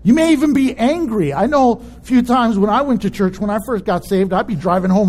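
A male pastor preaching a sermon in an animated way, laughing often and acting out voices in his stories. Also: sits high, a little fast, hardly any pauses.

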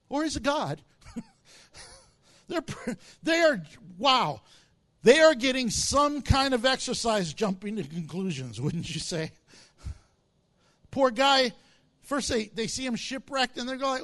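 A man's voice: extremely high pitch, measured pace, long pauses. A man preaching as a pastor, telling stories with jokes and acting out quotes. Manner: animated storytelling with jokes and acted-out quotes. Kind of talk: sermon.

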